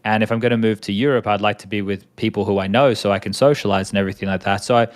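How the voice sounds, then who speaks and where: A man's voice: fairly low pitch, fairly even intonation, rapid-fire. An Australian man in his thirties, chatting casually as an interview guest, rambling with many restarts.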